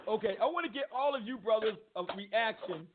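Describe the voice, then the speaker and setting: A man's voice: high voice, expressive, fairly quick. A man hosting a live call-in radio show, casually bringing callers in and setting up a clip. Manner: casual, inviting callers to jump in. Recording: tinny phone-line sound with loud noise.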